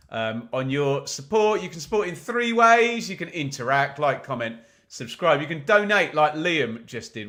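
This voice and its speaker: A man's voice: mid-range voice, a bit bright. Chatty man hosting a stream. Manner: chatty, rambling, frequent "um" fillers. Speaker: host of a live football watch-along stream. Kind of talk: casual live-stream chat, reading viewer comments.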